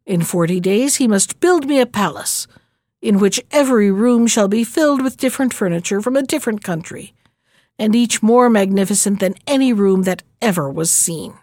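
A woman's voice: medium pitch, lively intonation, moderate pace, a little mellow, dry recording, clean studio sound, lightly acted. A woman voicing a proud, scheming male sultan in a storybook reading, with a commanding, self-satisfied manner.

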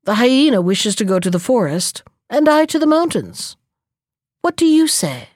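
A woman voicing a proud, hungry male lion with a quick temper in a storybook reading, speaking grandly. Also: fairly high pitch, sing-song, darkish tone, no room sound, clean studio sound.

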